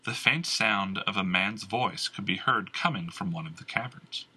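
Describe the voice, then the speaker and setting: A man narrating a fantasy novel in a measured, expressive scripted read. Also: fairly low pitch, slightly rough. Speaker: audiobook narrator.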